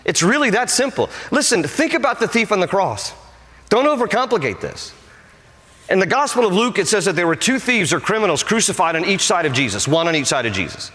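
A male pastor preaching with a bright, forceful voice, his sentences rising in pitch as he hammers home short repeated phrases. His voice rings out with a long hall reverb. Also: very animated, a little fast. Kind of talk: sermon.

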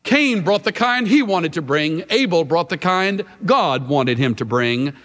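A man delivering a sermon to a congregation, slow and deliberate with a voice that swings widely up and down for emphasis. His words ring out in a large hall with a long echo behind them. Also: fairly high pitch, lively intonation, a bit bright. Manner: emphatic, dramatic shifts of emphasis. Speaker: Bible teacher.

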